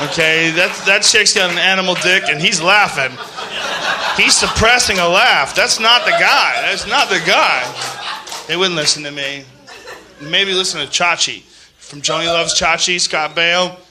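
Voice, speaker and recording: A high-pitched man on stage delivering a rambling, profane stand-up rant. He swings between loud shouted bits and quiet muttering. Background noise is clearly audible under the live mic. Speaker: stand-up comedian. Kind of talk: stand-up comedy set.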